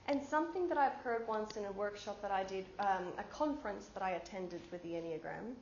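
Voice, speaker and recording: A woman presents at a conference workshop, explaining ideas through everyday examples and giving the audience instructions. Her medium-pitched voice is a little fast, gravelly, and a little mellow. The conference room recording is echoey and dull, with background noise.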